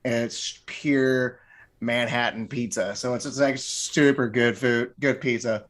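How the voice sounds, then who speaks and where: A man's voice: mid-range voice, fairly even intonation, measured pace, fairly bright tone. Rambling man, martial arts gym owner. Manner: rambling, repeats words and restarts often. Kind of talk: casual podcast conversation.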